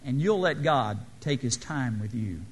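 A man preaching a sermon in an earnest, exhorting way, then praying softly. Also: medium pitch, animated, unhurried, husky. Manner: earnest, exhorting, quiet in prayer.

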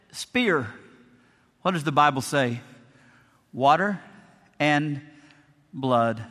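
A man preaching a sermon with animated storytelling, moving between a mock commercial voice and quiet, earnest prayer. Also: a little high, long reverb tail.

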